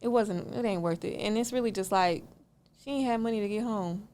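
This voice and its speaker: A woman, a podcast guest telling a story in a punchy, slangy, animated way. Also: medium pitch, fairly quick, a little hiss or hum. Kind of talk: casual storytelling.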